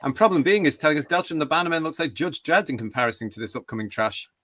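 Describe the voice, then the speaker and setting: A man's voice: a little high, expressive, rapid-fire, a crowd in the background. A man in his fifties from the UK, hosting a live fan panel and reading out viewer comments in a chatty way. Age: 50s. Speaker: host.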